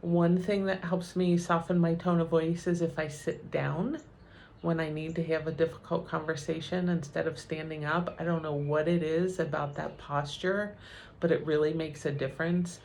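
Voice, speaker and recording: Low gravelly lady counselor, calm and encouraging, lots of ums and "right?". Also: normal speed, a little hiss or hum. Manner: calm, gentle and encouraging, with frequent ums and "right?" check-ins. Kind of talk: educational video talk.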